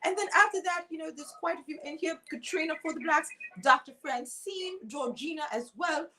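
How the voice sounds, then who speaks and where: A woman hosting an online chat room in a satirical, over-the-top manner, with theatrical drawn-out emphasis. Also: sits high, pushed and bright, rough recording. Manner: theatrical, breathy drawn-out emphasis, swooping intonation.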